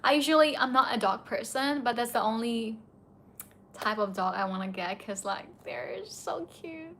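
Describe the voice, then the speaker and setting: Young woman, a bit tipsy, tearful casual stream chat, higher voice. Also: expressive, normal speed, a bit bright, slight background noise. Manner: emotional, tearful, answers chat questions. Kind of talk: casual late-night livestream chat.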